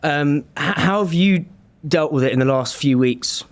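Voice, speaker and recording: A man's voice: a little high, normal speed. A man hosting an interview, chatting casually and bluntly with some swearing. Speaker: podcast host.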